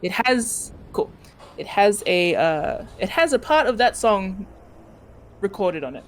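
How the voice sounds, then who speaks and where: A woman's voice: mid-range voice, very animated, unhurried, a little hiss or hum. Giggly chatty woman player. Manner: chatty, giggly, restarts often. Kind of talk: casual tabletop game chat.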